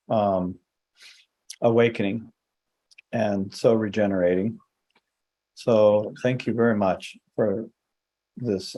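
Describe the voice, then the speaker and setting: Halting man moderating a discussion. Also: lowish voice, mellow. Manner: halting, with many fillers. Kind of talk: hosting an online discussion.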